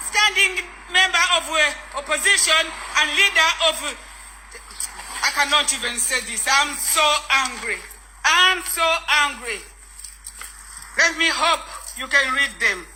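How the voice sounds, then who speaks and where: A Ugandan woman protesting outside an embassy, chanting demands in an impassioned voice and at times shouting. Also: extremely high pitch, slight background noise.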